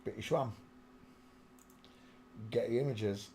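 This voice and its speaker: A man's voice: mid-range voice, slow pace, gravelly, warm tone. Muttering man on a close mic. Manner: muttering to himself, half-singing between remarks. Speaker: channel host. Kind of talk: casual commentary while browsing photos. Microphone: small desk microphone close in front.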